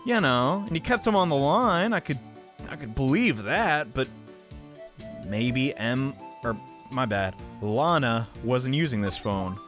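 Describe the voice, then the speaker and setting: A young man giving casual let's-play commentary, excitable and slangy, often exclaiming. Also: medium pitch, a little slow, faint music behind. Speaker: gaming YouTuber.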